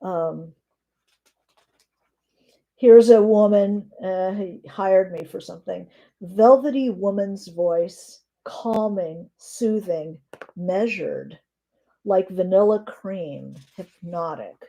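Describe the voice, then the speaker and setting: A middle-aged woman teaching writing on a live stream, reading descriptive notes aloud with frequent pauses and fillers. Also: mid-range voice, gravelly, warm tone, muffled recording.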